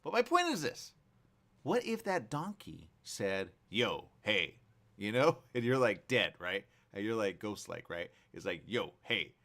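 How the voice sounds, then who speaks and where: A fairly low-voiced man, talking a little slowly, hosts a morning talk show in a studio. His casual conversation drifts into rambling, animated what-if stories told with a playful streak.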